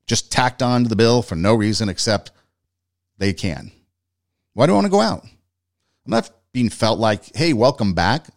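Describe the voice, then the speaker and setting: A man's voice: mid-range voice, lively intonation, measured pace, vocal fry, long pauses. A man delivering an opinionated monologue, ranting with exasperated complaints.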